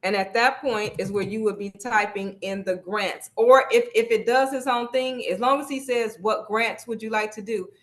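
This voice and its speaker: A woman's voice: on the high side, moderate pace, hardly any pauses. A woman leading a live online workshop over a video call, speaking casually and encouragingly, repeating her instructions.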